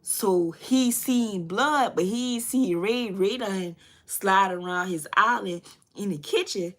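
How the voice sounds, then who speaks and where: A woman's voice: mid-range voice, slow pace, fairly bright tone. Woman vlogger, casual storytelling over makeup, loose and chatty. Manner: loose and chatty, many fillers and asides. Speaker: beauty vlogger.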